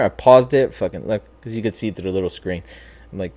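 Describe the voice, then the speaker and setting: A man at middle pitch tells a spooky tale in a casual talk show. His voice rises and falls a lot as he acts things out. He talks loosely, with plenty of swearing. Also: a little fast. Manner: animated, profane, acts out voices in his story. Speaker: podcast host. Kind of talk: casual storytelling.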